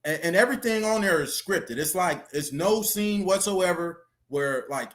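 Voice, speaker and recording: A man with a fairly high voice, talking in a loose, animated way and peppering his telling with slang and little fillers. He sounds like a guest sitting down for a relaxed interview. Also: moderate pace, hardly any pauses. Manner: chatty, animated retelling with street slang and fillers. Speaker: interview guest, former reality show contestant. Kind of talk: casual storytelling interview.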